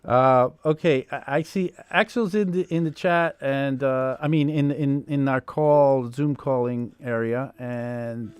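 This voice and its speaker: Hosting a music production Q&A live on a video call, this man rambles through lots of fillers and false starts and is quick to laugh. His mid-range voice keeps a steady tone and a measured pace with few pauses, and it sounds clean.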